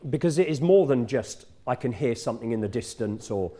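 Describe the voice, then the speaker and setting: A man's voice: mid-range voice, expressive, a little fast, mellow. A middle-aged man, preaching a sermon in a church in a conversational, self-correcting teaching manner.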